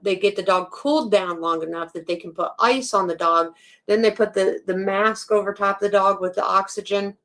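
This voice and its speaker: A woman hosting her channel in a casual, ranting chat, indignant and blunt, swearing freely. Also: mid-range voice. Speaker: channel host.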